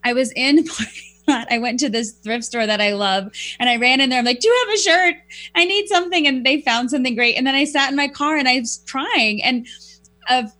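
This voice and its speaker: A woman guest who speaks professionally, telling stories in a reflective, animated way and acting out quoted lines. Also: fairly high pitch, brisk. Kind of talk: conversational storytelling.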